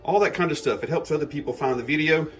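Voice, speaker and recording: A man's voice: on the high side, quick pace, faint music behind, poor audio. Chatty Georgia man cooking on camera. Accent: Southern US, Georgia. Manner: chatty, joking, talks to viewers while cooking. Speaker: home cook and channel host. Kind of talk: casual cooking demonstration.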